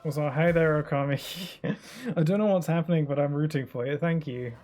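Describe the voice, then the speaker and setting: A man's voice: fairly high pitch, a little fast, a little mellow. Mock-dramatic man streaming a game. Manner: jokey, mock-dramatic, self-mocking. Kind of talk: live gameplay commentary. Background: game music.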